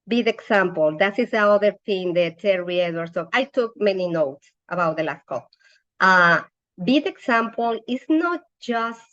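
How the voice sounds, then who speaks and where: Slow-talking woman. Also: medium pitch, a bit bright, muffled recording. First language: Spanish. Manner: eager, halting, many fillers. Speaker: sales agent on a team call. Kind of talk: enthusiastic testimony.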